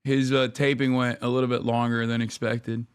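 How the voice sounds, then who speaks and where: A man streaming live, reacting in quick, rambling, profane commentary full of fillers. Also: mid-range voice, level tone, clear, resonant tone.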